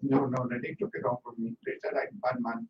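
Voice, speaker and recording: A man's voice: medium pitch, little pitch movement, a little fast, muffled recording, voice pushed down, lightly acted. A man on a radio prank call, voicing a rambling, teasing man who claims to be a singer from Pakistan. He uses broken English and a put-on Pakistani accent. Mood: flirty. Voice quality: scratchy voice.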